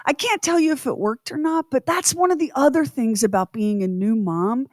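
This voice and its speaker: A woman's voice: high voice, moderate pace, dry recording. Chatty woman co-host, dry close sound. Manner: chatty and expressive, builds up to punchlines. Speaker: radio and podcast co-host. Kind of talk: casual podcast chat.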